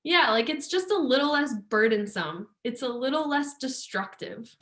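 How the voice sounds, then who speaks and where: A woman co-hosting a casual chat about yoga, earnest and warm with laughter, often acting out her inner thoughts. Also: high voice, animated, moderate pace. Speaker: yoga teacher co-host. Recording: echoey room.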